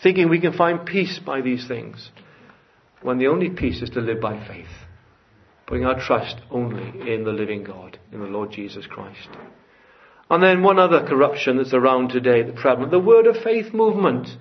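A man's voice: mid-range voice, lively intonation, normal speed. A man preaching a sermon in a church, earnest and building to fervent emphasis. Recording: dull lo-fi church recording.

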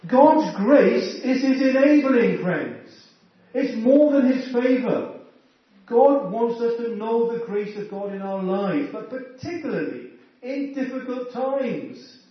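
A man preaching a sermon with earnest warmth, often addressing his listeners as friends. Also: extremely high pitch, expressive, slow pace. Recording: echoey, distant and dull.

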